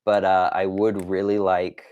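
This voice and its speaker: A man's voice: sits low, level tone, unhurried, a little mellow, clean tone, lo-fi sound. A young man chatting casually on a live stream, rambling with lots of fillers and laughing as he reads viewer comments. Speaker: toy collector streamer.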